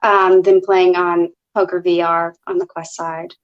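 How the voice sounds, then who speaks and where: A woman guest in a casual interview, relaxed and hesitant with a lot of fillers. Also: lowish voice, unhurried, lo-fi sound. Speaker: guest poker player.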